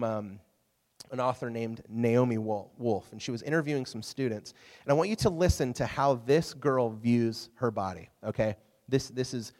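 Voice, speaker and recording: A man preaching to a youth group, casual and animated, often asking the audience questions. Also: mid-range voice, big-room sound. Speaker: youth pastor. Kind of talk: youth sermon.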